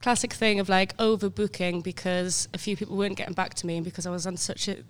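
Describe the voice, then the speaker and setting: A woman's voice: medium pitch, fairly even intonation, fast talker, a little hiss or hum. Teasing, chatty woman podcast guest. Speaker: guest, storytelling event organiser. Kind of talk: casual chat.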